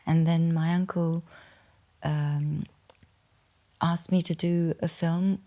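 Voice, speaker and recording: A French woman in her fifties speaking English with a posh English accent, answering interview questions softly and hesitantly, with many pauses. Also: low-pitched, little pitch movement. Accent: posh English with slight French. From France. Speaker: guest.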